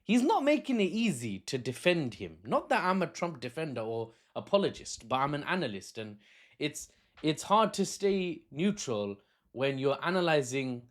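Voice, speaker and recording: A man's voice: medium pitch, sing-song, moderate pace. A man, talking as a political analyst in an unscripted video, chatty and laughing often at his own asides, recorded on a phone camera. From Britain.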